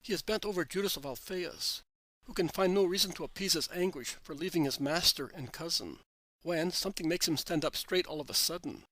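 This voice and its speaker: A man reading religious narration in an even, measured way. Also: on the high side, dry recording, poor audio. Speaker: reader.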